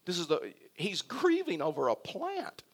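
A man's voice: sits high, huge pitch swings, measured pace. A man preaching a sermon, speaking earnestly and repeating phrases as he addresses the congregation. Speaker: pastor.

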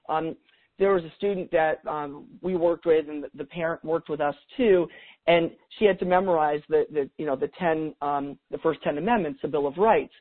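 Chatty middle-aged man over a tinny line. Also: a little high. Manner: chatty, laughs often, full of restarts. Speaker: guest expert. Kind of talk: podcast interview.

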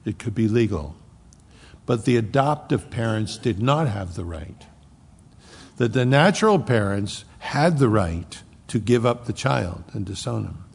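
Gravelly older man preaching in a hall. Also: medium pitch, a little mellow. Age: 70s. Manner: folksy, joking asides, emphatic quoting of scripture. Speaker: pastor. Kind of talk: sermon. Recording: long hall reverb.

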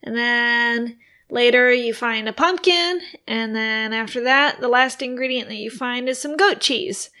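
A woman's voice: fairly high pitch, unhurried, pushed and bright, clear, resonant tone. A woman co-hosting a casual chat, talkative and giggly, reading off lists. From United States. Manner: chatty, giggly, lists things off. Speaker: podcast co-host.

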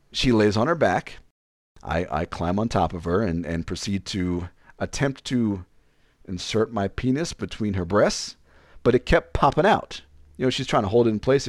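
Lively low-voiced man telling a frank story. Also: measured pace, no echo, clean studio sound. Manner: frank, rambling, animated retelling with quoted dialogue. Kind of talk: candid personal storytelling.

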